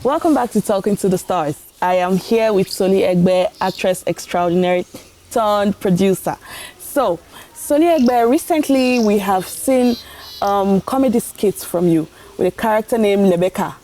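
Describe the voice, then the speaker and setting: Woman talk show host, mellow tone, measured delivery, faint hiss behind. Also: mid-range voice. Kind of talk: broadcast interview hosting.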